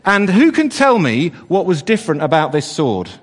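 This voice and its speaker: Higher-voiced man leading a church talk. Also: big pitch swings, moderate pace. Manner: chatty and playful, many fillers and restarts. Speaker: church service leader. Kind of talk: all-age church talk with children. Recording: long church reverb.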